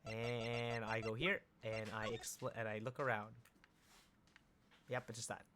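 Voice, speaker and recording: A man's voice: medium pitch, little pitch movement, a little slow, bright, forceful tone, slight background noise. A man streaming live, reading a courtroom game aloud with offhand, self-mocking asides. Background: game music.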